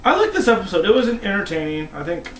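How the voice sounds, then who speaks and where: A man's voice: high voice, sing-song, quick pace, slight background noise, low-quality recording. A man casually recapping a TV episode, rambling with many restarts and voice dropping to a mumble. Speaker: episode reviewer.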